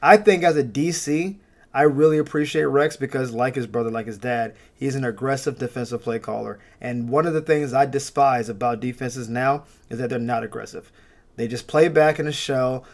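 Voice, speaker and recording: Male host, mid-pitched, animated and opinionated, casual sports commentary full of fillers. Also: moderate pace. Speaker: sports fan channel host.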